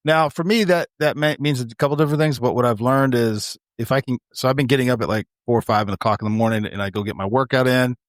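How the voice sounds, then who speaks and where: A man's voice: mid-range voice, no room sound, studio quality. Profane, laughing male podcast co-host. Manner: loose and profane, quick to laugh. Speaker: law enforcement officer. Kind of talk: casual barbershop chat.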